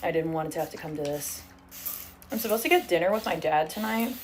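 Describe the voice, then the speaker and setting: A woman's voice: fairly low pitch, fast talker, slight background noise. A young woman in casual livestream chat at home, swearing freely and reading out viewer comments while braiding her hair. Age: young adult. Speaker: streamer. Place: living room at home.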